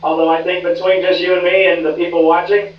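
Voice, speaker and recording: A man's voice: sits high, level tone, fast talker, slight background noise. A man reporting as a television news correspondent, chatty and wry. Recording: dull, roomy, distant rebroadcast.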